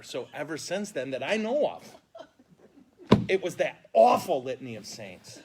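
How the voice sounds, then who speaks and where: A man's voice: medium pitch, moderate pace, a little hiss or hum. A man who is a priest, telling funny stories in a casual catechesis talk with mock outrage. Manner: animated, comic storyteller with mock outrage. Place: indoors at a funeral home, live stream.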